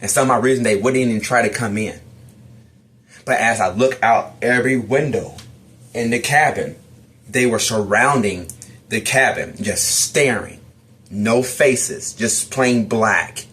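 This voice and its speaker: Brief: man, mid-pitched, personal storytelling, retells a nightmare with dramatic acted-out lines. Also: unhurried, a bit bright. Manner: dramatic retelling, acts out his own lines in the dream. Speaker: testimony storyteller.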